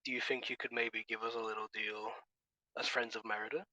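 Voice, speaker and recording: A man's voice: fairly low pitch, level tone, a little fast, sharp tone, rough recording. Laid-back male tabletop player. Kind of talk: casual tabletop play.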